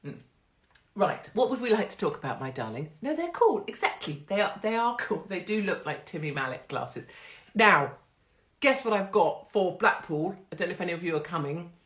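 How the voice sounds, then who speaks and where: A woman's voice: deep voice, fairly bright tone. Brash, laughing woman streaming live. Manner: brash, jokey, swearing, laughs often. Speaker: host. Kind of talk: casual live-stream chat. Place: home, live phone stream. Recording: roomy echo.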